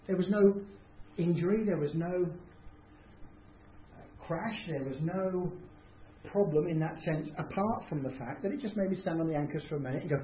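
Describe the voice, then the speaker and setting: Tinny roomy recording of a lively man. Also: fairly high pitch, normal speed. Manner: conversational, self-deprecating, acts out reactions. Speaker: speaker giving a talk on mercy. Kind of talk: informal talk to a small group. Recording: tinny, roomy, faint hiss.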